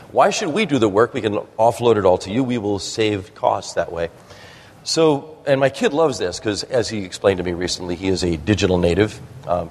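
Lower-pitched man giving a rambling, anecdotal talk, echo of a big hall around him. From New Jersey. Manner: rambling, frequent restarts and fillers. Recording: long reverb of a hall.

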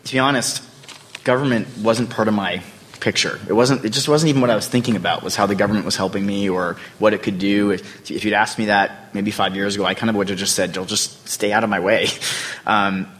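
A man with a lowish voice asks questions in a relaxed, conversational manner, his voice rising as he asks. Faint background noise hangs under the recording. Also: brisk. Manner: loose and conversational, rising when asking. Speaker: interviewer. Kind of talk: casual interview questions.

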